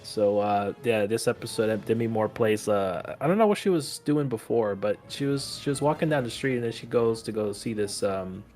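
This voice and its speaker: A man with a low voice recapping an episode in relaxed conversation. He halts often and fills gaps with filler words, with faint music in the background. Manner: halting, many fillers and restarts. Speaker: podcast co-host.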